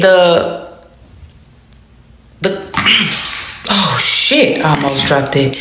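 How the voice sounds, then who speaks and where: A woman telling a personal story to her viewers in a casual storytime, animated and heavily profane, repeating phrases for emphasis. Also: mid-range voice, slight background noise. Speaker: storytime vlogger. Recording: very echoey room.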